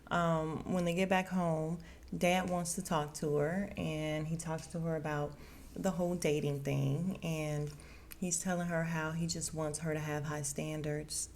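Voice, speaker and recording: A young adult woman hosting a podcast, recapping a TV show in a chatty, animated way, full of slang and laughter. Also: sits low. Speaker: podcast host. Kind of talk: casual TV recap chat.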